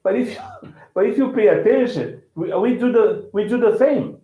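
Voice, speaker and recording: A male language teacher with a Brazilian Portuguese accent explains English casually, halting and repeating words. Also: high-pitched, expressive, mellow. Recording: echoey, tinny phone-like sound.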